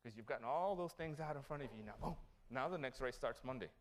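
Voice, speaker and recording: At a city hall event, a man gives a motivational graduation speech as guest speaker, animatedly telling stories and asking the audience questions. His voice is mid-range and his pace quick.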